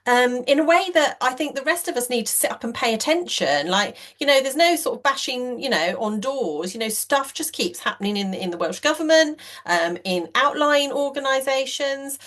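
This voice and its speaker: A woman's voice: high voice, animated, moderate pace, hardly any pauses, a bit bright. A woman hosting a podcast interview, chatting enthusiastically with lots of fillers. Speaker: podcast host. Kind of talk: conversational interview.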